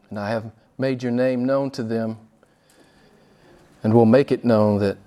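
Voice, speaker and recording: A middle-aged male preacher delivering a sermon with passion, his voice jumping from hushed asides to sudden high, emphatic rises. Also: clean tone. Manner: impassioned, swings from quiet to loud with sudden rises.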